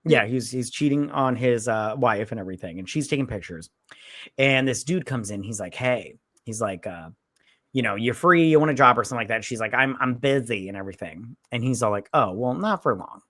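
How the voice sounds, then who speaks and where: A woman's voice: a bass voice, expressive, a little fast, dry recording, studio quality. A woman co-hosting a casual movie review chat, rambling and swearing as she retells scenes and quotes the characters. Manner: rambling, profane, recounts scenes with quoted lines. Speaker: co-host.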